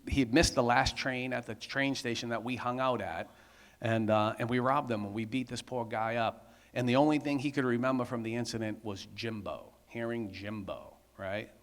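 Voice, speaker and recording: A man's voice: medium pitch, steady tone, moderate pace, big-room sound. A middle-aged man, giving a candid personal testimony at a men's conference, talking conversationally with frequent asides. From Massachusetts.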